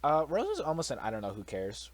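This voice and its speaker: A man's voice: on the high side, wildly swooping pitch, fast. A young man giving casual solo commentary, blunt and swearing freely, with incredulous outbursts.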